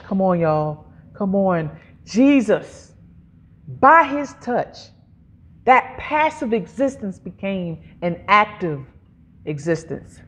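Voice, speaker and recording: Her mid-range, sing-song voice carries an emphatic sermon in which she draws out each phrase and gasps for effect. The woman preacher repeatedly calls on the congregation to echo her words.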